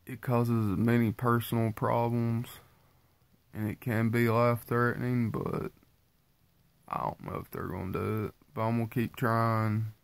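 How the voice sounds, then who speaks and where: Sinus trouble leaves this man's gravelly voice congested as he updates viewers on his weight loss. Tired from just waking up, he talks in a level tone at a measured pace, casual, low-key and rambling, with no echo.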